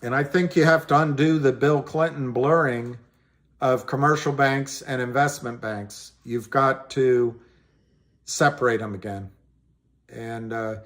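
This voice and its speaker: A man's voice: medium pitch, measured pace. A man hosting a casual livestream, rambling about money and greeting viewers by name, often trailing off and restarting. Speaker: livestream host.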